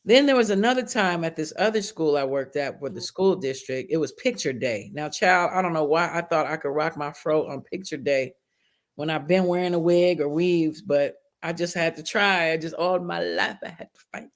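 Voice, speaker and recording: Speaking in a deep voice at normal speed, a schoolteacher shares stories on a laid-back podcast. She curses, stays animated, and performs the voices of whoever she's quoting.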